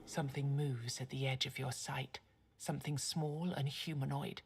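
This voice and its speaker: A gravelly, hushed game narrator. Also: female voice, rumbling low, fairly even intonation, moderate pace, slight background noise. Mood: ominous. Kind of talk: scripted narration.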